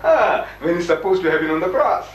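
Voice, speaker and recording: An older man debating a missionary with an animated, emphatic delivery, acting out quotes in different voices. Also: high voice, brisk. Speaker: Muslim debater. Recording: roomy, distant mic, faint noise.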